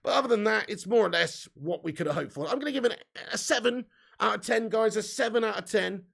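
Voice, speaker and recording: Gravelly, high-voiced football fan host. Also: male voice, fast talker, a bit bright. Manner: banter-heavy, reads out chat names and predictions. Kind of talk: live football watch-along chat.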